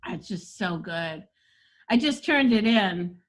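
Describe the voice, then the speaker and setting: A woman's voice: medium pitch, lively intonation, takes it slowly. A older woman coaching comedy in casual chat, reading jokes aloud and laughing often.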